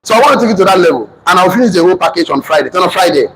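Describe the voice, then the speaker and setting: High, fast, fervent Nigerian man. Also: lively intonation, poor audio. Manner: loud, fervent, preacher-like, repeats phrases for the crowd. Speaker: motivational speaker and business trainer. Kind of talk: live motivational speech to an audience. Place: training hall with a live audience. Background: audience.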